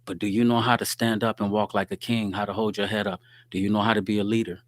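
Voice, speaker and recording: A man's voice: on the low side, little pitch movement, fast, no room sound. A man giving a streetwise, preachy faith-based talk straight to his listeners.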